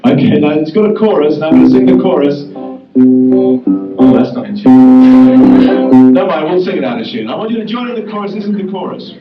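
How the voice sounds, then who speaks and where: A wry, self-mocking English man gives stage patter between songs with his guitar. He sounds distant and roomy, caught from across a convention hall. The old tape is dull, and loud guitar rings behind him. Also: on the high side, animated, very fast, hardly any pauses. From England. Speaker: guest singer-songwriter. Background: guitar playing.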